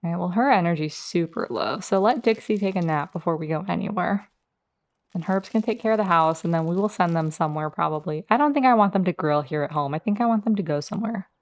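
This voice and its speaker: A woman's voice: lowish voice, fast talker. A woman hosting a casual let's play, chatting through her gameplay and talking straight to her game characters.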